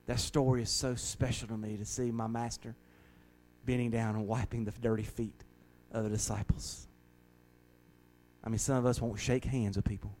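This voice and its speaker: A man's voice: mid-range voice, steady tone, measured pace, a little mellow, a little hiss or hum, rough recording. A man who is a pastor, earnestly leading a Bible study and often repeating words as he starts a thought.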